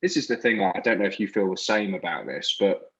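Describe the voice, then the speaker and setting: A man's voice: low-pitched, expressive, quick pace, muffled recording. A man in his thirties with an English accent, a podcast guest reflecting loosely on school days, full of fillers. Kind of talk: casual chat.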